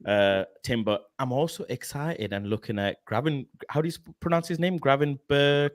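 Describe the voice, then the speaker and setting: A male host running a live football fan show. His voice sits at an ordinary middle pitch. He is chatty, laughs often, and puts his questions to the panel with energy. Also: expressive, brisk.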